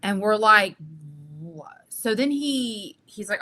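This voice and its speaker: Young woman, bright and sharp, animated cursing storyteller on a podcast. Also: medium pitch, unhurried. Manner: animated, profane, acts out quotes. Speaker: podcast guest telling a story. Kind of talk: casual storytelling chat.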